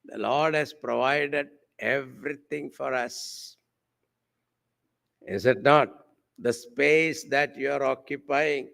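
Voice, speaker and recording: A man delivers a spiritual discourse at an unhurried, measured pace. His voice carries a gravelly, creaky texture. He sprinkles Sanskrit terms through the talk and keeps drawing the audience in with rhetorical questions. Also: mid-range voice, fairly bright tone. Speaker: swami giving a spiritual discourse. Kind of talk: devotional sermon with a told story. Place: camp hall with a live audience.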